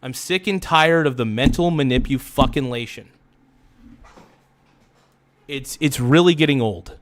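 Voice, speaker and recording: A livestream host talking straight to someone in a heated, repetitive rant. He swears, stumbles into restarts and keeps correcting himself. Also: mid-range voice. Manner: halting restarts and self-corrections. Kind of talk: livestream monologue.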